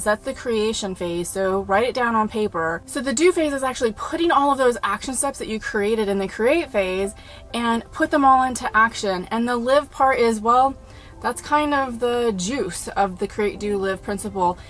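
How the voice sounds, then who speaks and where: A woman's voice: fairly high pitch, fairly bright tone. A woman with a Texas Southern accent, talking to her viewers as a travel vlogger in a chatty, upbeat way. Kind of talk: casual vlog talk to camera.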